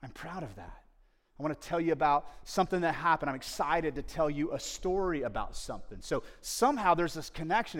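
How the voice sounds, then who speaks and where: A male pastor giving a conversational sermon, his voice swinging from quiet asides to loud, emphatic peaks. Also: a little high, lively intonation, fairly quick, in a large hall.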